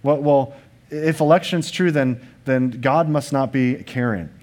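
A man's voice: medium pitch, unhurried, darkish tone. Man preaching an earnest sermon. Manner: earnest, emphatic preaching with rhetorical questions; restarts and fillers, conversational asides to the congregation. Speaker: pastor.

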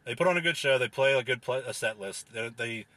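Profane rambling young man, husky. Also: brisk, bright, forceful tone, dry recording. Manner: profane, rambling, lots of fillers; mocks others in a whiny falsetto. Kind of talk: casual ranting monologue.

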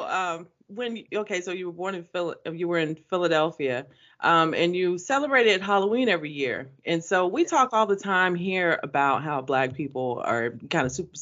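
Woman, podcast co-host, playful, bright voice, muffled audio. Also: on the low side. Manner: animated, playful. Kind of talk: casual chat.

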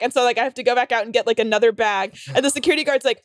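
A young woman comedian spins a rambling, profane story on a podcast, packed with fillers and dramatic acted-out quotes. She talks at a rapid clip in a fairly high voice. The sound is close and dry. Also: no room sound. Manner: rambling, frequent "like" fillers, heavy swearing. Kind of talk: casual storytelling chat.

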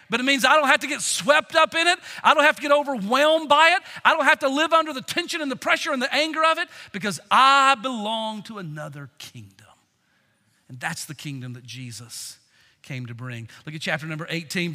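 A male pastor preaching a sermon with dynamic delivery, swinging between loud emphasis and hushed tones, often restarting words. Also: very high-pitched, fairly quick, in a large hall.

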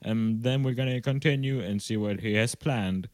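This young man's voice is fairly low and darkish, at a normal speed with no room sound. He's co-hosting a podcast over video call from home, rambling through jokey chat with casual swearing.

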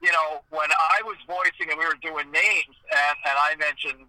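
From Eastern Ontario, Canada, this hockey commentator has a somewhat high voice and a brisk delivery that barely pauses. Chatting casually, he tells animated stories full of "like"s and restarts. The low-quality recording has no echo.

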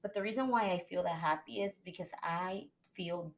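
A woman's voice: lowish voice, normal speed. Young woman telling a heartfelt story. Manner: emotional storytelling, acts out quoted voices. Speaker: podcast host. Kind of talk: casual chat.

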